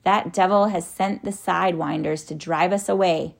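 A woman voicing a calm, grave old male professor in a measured way. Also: on the low side, gravelly. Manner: measured and grim.

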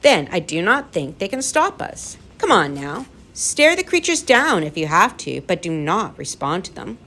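A woman's voice: lowish voice, very animated, pushed and bright, exaggerated voice. A woman doing a courteous male professor. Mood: steady. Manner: measured, polite, encouraging. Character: calm, courteous male professor leading children.

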